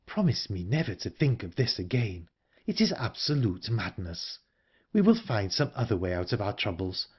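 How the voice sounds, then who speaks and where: A man's voice: on the low side, sing-song, moderate pace, breathy edge, lo-fi sound, full character voice. A man voicing an earnest, anxious young woman in an audiobook, urgent and pleading. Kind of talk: audiobook character reading.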